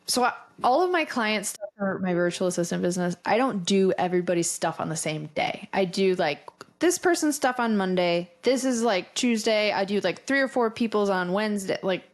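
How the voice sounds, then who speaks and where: A woman hosting a podcast in casual chat, telling a candid, animated story with quoted dialogue and casual swearing. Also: mid-range voice, moderate pace, hardly any pauses. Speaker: podcast host.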